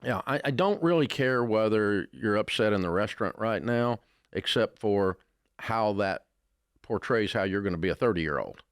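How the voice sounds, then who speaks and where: A man's voice: lowish voice, lively intonation, moderate pace, clear, resonant tone, no echo, studio quality. An older man with a Southern American accent, answering interview questions with folksy, blunt storytelling. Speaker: radio host, interviewee.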